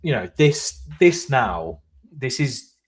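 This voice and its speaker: A man co-hosting a football fan podcast, telling stories in a relaxed, chatty way. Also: mid-range voice, slow pace. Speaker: podcast co-host. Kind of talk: casual football podcast chat.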